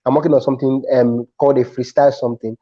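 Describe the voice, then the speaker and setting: A man with a Nigerian accent, a comedian chatting as a guest and telling stories with animated restarts. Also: medium pitch, rapid-fire, dull audio. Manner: animated storytelling with frequent restarts. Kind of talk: casual interview chat.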